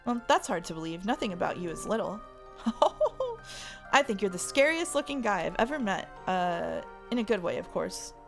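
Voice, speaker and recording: Woman voicing a cheerful young heroine, teasing, bubbly, a bit gravelly, visual novel. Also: medium pitch, very animated, moderate pace, soft background music.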